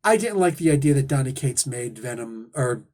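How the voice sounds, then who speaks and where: A man's voice: medium pitch, expressive, moderate pace, a little mellow. A man hosting a casual comic book review, talking in an enthusiastic, rambling, casually profane way.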